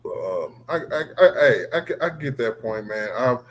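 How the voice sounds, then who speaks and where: A man's voice: mid-range voice, lively intonation, normal speed, slight background noise, rough recording. A man hosting a casual sports livestream, talking loosely with slang and calling on guests by name. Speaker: livestream host.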